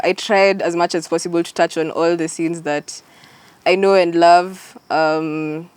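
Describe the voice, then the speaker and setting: A woman's voice: fairly low pitch, darkish tone, smooth, dry recording. A woman with a Kenyan accent, a music journalist co-hosting a casual chat about songs, talking chattily with lots of ums and likes.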